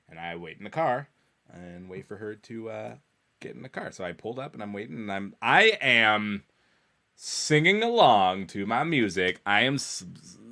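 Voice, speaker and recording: A young man from Washington State, co-hosting a podcast and telling a story in a casual, animated way with frequent laughs. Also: fairly low pitch. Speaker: podcast co-host. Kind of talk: casual chat.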